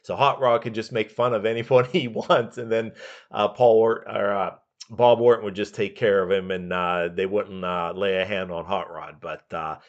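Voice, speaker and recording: A man's voice: fairly low pitch, steady tone, normal speed, lo-fi sound. A man hosting a podcast, rambling through his memories in a casual monologue with many fillers. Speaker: podcast host.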